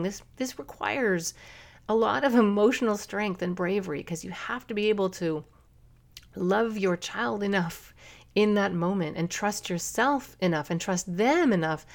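A middle-aged woman hosting a parenting podcast, talking earnestly and coaching listeners with quick asides. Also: medium pitch. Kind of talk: solo podcast talk.

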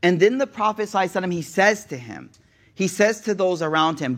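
A young man giving a casual sermon, an animated, digressive storyteller who talks straight to the audience. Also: high-pitched, fast talker. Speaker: preacher.

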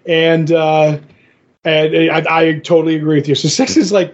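A man's voice: fairly high pitch, level tone, moderate pace, highs cut off. A man co-hosting a podcast, casually retelling a comic issue in a rambling way full of fillers and restarts. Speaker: podcast co-host. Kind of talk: casual comic book recap.

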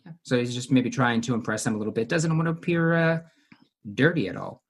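A man's voice: mid-range voice, brisk, slightly rough. A man recapping and discussing a television episode with co-hosts in a casual chat, with frequent fillers.

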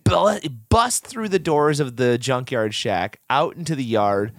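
Animated man recapping a movie. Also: mid-range voice, a little slow, no room sound, studio quality. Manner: animated, laughs often, acts out lines. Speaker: podcast co-host. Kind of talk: casual movie-recap chat.

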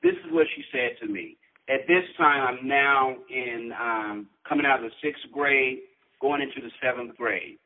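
A man's voice: medium pitch, sing-song, moderate pace. A man, an author and guest, telling his life story in an earnest, inspirational way with a preacher-like rhythm. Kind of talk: storytelling interview, motivational. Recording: tinny phone-line sound.

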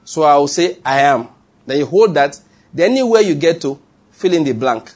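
A man with a Nigerian accent, preaching a sermon and telling stories, animated and laughing, with call-and-response. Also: on the high side, moderate pace. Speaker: pastor. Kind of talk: sermon with storytelling.

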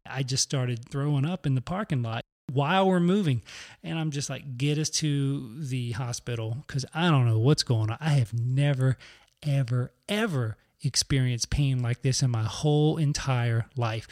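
A middle-aged man hosting a podcast, telling a personal story in a chatty, conversational way. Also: a little high. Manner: chatty, conversational, acts out quoted voices. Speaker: podcast host. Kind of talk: casual storytelling monologue.

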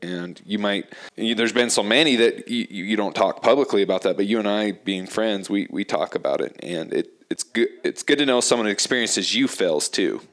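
A man's voice: lowish voice, a little fast, few pauses, fairly bright tone. A man hosting a podcast, reflecting on his guest's story in an encouraging way. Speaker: podcast host. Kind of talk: casual podcast conversation.

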